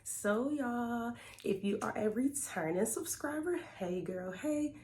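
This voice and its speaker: A woman, chatting to her viewers through a storytime. She talks loosely and warmly to the camera, breaks into laughs, and keeps calling her audience y'all. Her voice sits at a middle pitch. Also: animated, measured pace, a little hiss or hum. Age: 30s. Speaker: vlogger. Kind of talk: casual storytime.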